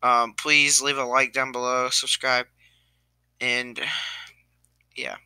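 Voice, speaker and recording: Young male vlogger, crying and sighing through a halting apology; bright, smooth voice, dry close sound. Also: mid-range voice, flat delivery, no echo. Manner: halting, trailing off, many restarts. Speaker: gaming YouTuber. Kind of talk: tearful apology vlog to camera.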